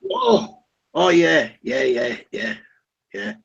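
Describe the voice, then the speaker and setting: Husky man on lo-fi call audio. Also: medium pitch, animated, takes it slowly. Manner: blunt, swears freely, laughs often. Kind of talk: casual group voice chat.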